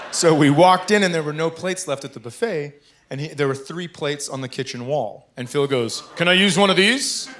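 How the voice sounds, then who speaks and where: A man doing stand-up, telling a story about his son on a comedy club stage and bursting into shouts at punchlines. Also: on the high side, a little slow, pauses often.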